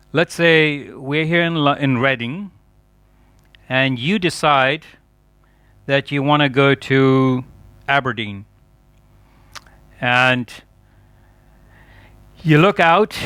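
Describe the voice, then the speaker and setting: A man's voice: mid-range voice, fairly bright tone, dry recording. A man giving a chatty, digressive lecture at a yoga festival, laughing often at his own asides.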